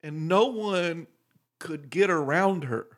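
A man, a guest minister, telling church stories in a relaxed chat, with many pauses and fillers, growing louder as he gets into a story. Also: a little high. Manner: unhurried, gravelly, many fillers, grows loud and excited telling stories.

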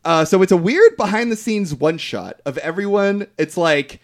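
Guy on a podcast rambling thru a movie recap, high voice, swoops around a lot. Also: animated, normal speed. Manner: rambling, acts out the characters' lines in silly voices. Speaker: podcast co-host. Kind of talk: casual chat recapping a movie.

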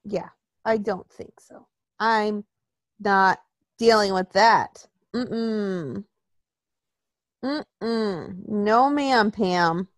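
A woman's voice: mid-range voice, drawn-out words, long pauses, no room sound. A woman co-hosting a casual wrestling chat, profane and mocking, talking close to a dry mic.

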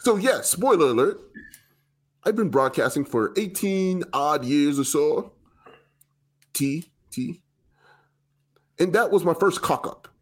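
A man's voice: fairly high pitch, expressive, takes it slowly, pauses often. A man putting on an exaggerated, wobbly British accent to read a quote aloud for comic effect, throwing in stock British words. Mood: hammy. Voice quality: wobbly accent drifting toward New York. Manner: hammy, playful, throws in "cheerio" and "oi". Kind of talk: comic read of a quote on a sports radio show.

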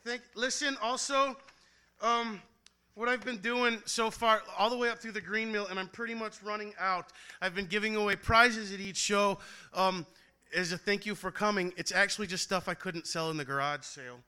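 Brief: young male performance poet at a live venue, high, bright voice, rhythmic and emphatic on stage. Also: fairly even intonation, normal speed, clear, resonant tone. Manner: rhythmic, emphatic delivery with loose, joking stage banter. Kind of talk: live spoken-word poetry performance. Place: live venue before an audience.

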